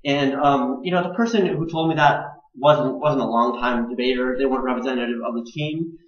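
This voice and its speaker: A man's voice: mid-range voice, steady tone, brisk. A young man in his twenties speaks in a personal video blog, stuttering often and repeating words and syllables. His delivery is earnest and grows more intense as he goes on. The sound is echoey and dull, like a home recording in a bare room. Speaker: video blogger.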